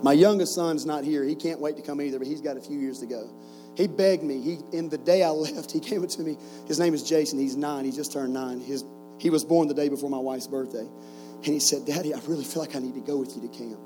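A man's voice: a little high, steady tone, fairly quick, warm tone, soft background music, low-quality recording. A man in his forties preaching to a camp group, telling stories with jokes and rhetorical questions. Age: 40s. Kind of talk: sermon with stories.

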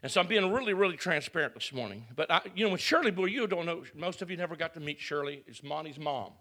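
A middle-aged male pastor speaks openly to his congregation in a personal, emotional sermon. His voice sits on the high side with lively intonation, and he talks fast. His tone is confessional and emotional, building up to loud preaching.

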